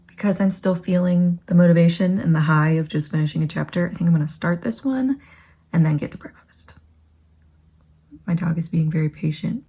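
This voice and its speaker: A woman's voice: fairly low pitch, fairly quick, mellow, husky. A young woman vlogging about her writing day, chatty and self-mocking, sometimes dropping into a whisper. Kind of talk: casual writing vlog.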